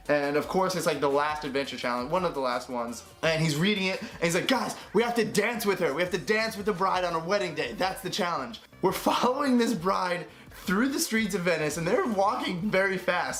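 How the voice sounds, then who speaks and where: A young man vlogging, telling a travel story in a lively way and acting out the people he quotes. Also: a little high. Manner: animated, acts out quoted voices. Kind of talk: storytelling to camera.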